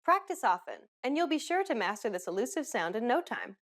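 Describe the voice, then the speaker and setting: Woman, lesson host; lively pitch, fairly high, upbeat scripted delivery. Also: fairly quick. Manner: upbeat, clearly enunciated instruction. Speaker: language teacher host.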